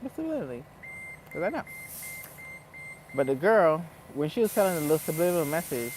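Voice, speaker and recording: A man's voice: a little high, a little fast, background noise. A man telling a story in a casual, profane rant as a vlogger, breaking into laughs. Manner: animated, profane, laughs between lines.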